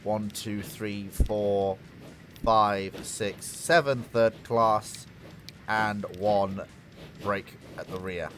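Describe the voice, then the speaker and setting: Faint music plays behind a man casually commenting as he plays a strategy game on a live stream. His fairly low, fairly bright voice stays fairly even and draws out words as he rambles, mocking himself and talking both to himself and to the game.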